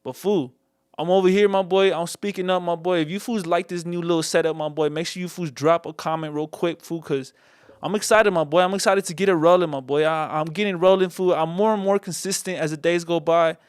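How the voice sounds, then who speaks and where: A man with a fairly high, smooth, resonant voice, talking in loose street slang as a call-in podcast host. The sound is close and dry, with no room around it. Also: fairly even intonation, a little fast, dry recording. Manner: slangy, repeats "my boy" and "fool" constantly. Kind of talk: casual call-in podcast chat.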